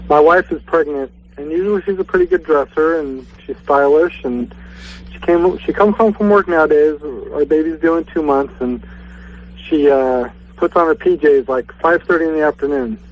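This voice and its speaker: A sheepish male caller rambles through his story on a radio call-in. His voice sits high for a man. The line sounds muffled and dull. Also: moderate pace, slight background noise. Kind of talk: telling a story on a call-in show.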